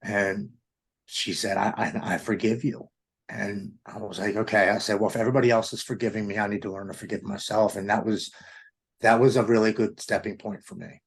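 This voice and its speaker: Earnest man with a lowish voice sharing a candid recovery story, stumbling through restarts. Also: fairly even intonation, gravelly, slightly rough. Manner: earnest, halting with many restarts. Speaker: podcast guest.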